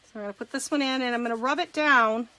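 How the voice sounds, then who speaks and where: A fast-talking woman with a fairly high, sharp voice is recorded with poor audio and no room sound. As a craft demonstrator and direct sales consultant, she runs a chatty live crafting demo, walking through the steps and greeting viewers.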